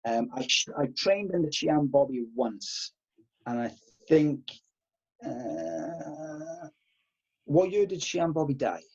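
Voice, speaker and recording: A man in his thirties, a karate instructor guest, telling animated stories and swearing freely. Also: on the high side, slow, long pauses, husky, muffled recording. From Wales. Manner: animated, swears freely, acts out past exchanges. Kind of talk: casual podcast storytelling.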